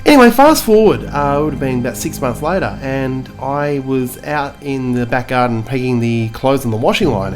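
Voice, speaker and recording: A man telling a rambling, self-mocking comic story, full of fillers and restarts. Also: medium pitch. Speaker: comedian.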